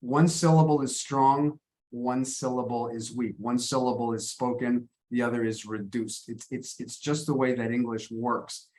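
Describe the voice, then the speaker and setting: American male English teacher, video call, patient, encouraging, average pitch. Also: fairly even intonation, moderate pace, a little mellow. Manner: patient, encouraging, repeats words as he thinks. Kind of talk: online class teaching.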